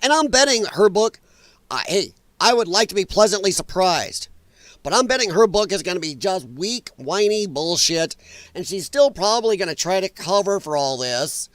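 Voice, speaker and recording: A man's voice: sits high, sing-song, moderate pace, a bit bright, no room sound. A man hosting a political livestream, ranting bluntly and sarcastically with profanity and greeting viewers in chat by name. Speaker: political stream host. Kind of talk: livestream commentary.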